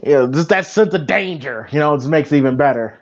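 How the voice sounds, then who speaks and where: A man co-hosting a casual movie commentary podcast, profane and excitable, rambling with lots of fillers. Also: on the high side, fast, muffled recording. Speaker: podcast co-host.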